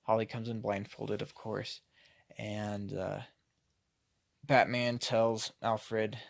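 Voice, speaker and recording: Slow, gravelly-voiced man reviewing comics. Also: lowish voice, level tone, dry recording. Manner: critical, sighs often, hesitant with fillers. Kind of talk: casual spoken comic review.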